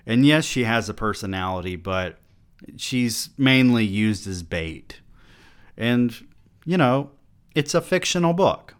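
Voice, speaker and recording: A man's voice: mid-range voice, expressive, takes it slowly, smooth. A man hosting a podcast, reviewing a novel in casual, sarcastic commentary and reading passages aloud. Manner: sarcastic, mocking. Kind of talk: casual critical commentary with read-aloud excerpts.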